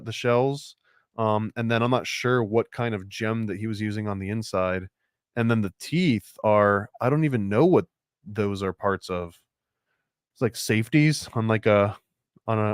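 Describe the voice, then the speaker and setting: A man's voice: fairly low pitch, clear, resonant tone, dry recording, clean studio sound. A man hosting a casual show-and-tell of picture book art, rambling and unsure, full of likes and restarts. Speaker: host.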